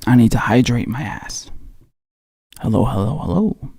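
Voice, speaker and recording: A man hosts a relaxed political livestream with a mellow, warm tone. He talks off the cuff to his viewers, repeating himself and dropping slangy asides. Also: medium pitch, moderate pace, vocal fry, slightly rough. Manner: loose and chatty, with slangy asides and self-repetition. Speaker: political commentary livestream host. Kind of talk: casual livestream chat.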